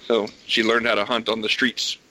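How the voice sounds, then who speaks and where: A man's voice: on the low side, flat delivery, moderate pace, pushed and bright, poor audio. A man who is a podcast guest, chatting in a teasing, rambling way. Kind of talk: casual podcast chat.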